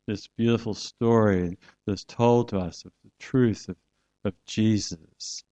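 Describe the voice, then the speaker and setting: Slow, earnest male preacher. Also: mid-range voice, a little mellow, clean tone, dull audio. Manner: slow, earnest retelling with quoted voices. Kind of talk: sermon.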